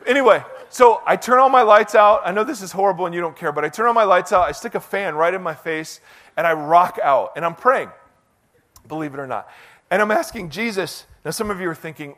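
A middle-aged male pastor preaching a sermon in a conversational, self-deprecating, animated way. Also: high-pitched, brisk.

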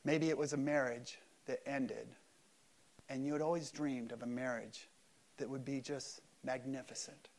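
A man preaching an Easter sermon at a church service, swinging between loud emphatic peaks and hushed, quiet lows. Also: fairly even intonation, normal speed. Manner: acts out quoted voices in prayer-like dialogue. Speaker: pastor.

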